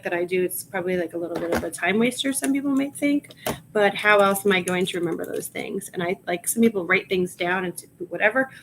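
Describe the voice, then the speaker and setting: A woman's voice: mid-range voice, a little hiss or hum, poor audio. A woman with a Long Island accent chatting casually on a livestream, reading bits of her work aloud to herself as she goes. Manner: muttering and reading aloud to herself while typing. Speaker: reseller listing items live. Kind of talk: casual livestream chat while working.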